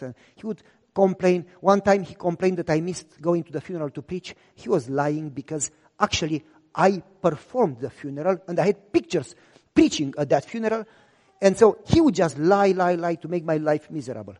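A man pastor telling a story in a sermon, with animated delivery and deadpan humor. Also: a little high, fairly quick, long reverb tail.

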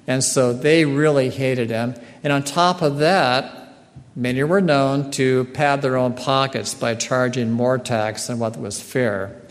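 A man giving a sermon in a slow, earnest way, often clearing his throat. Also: medium pitch. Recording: long hall reverb.

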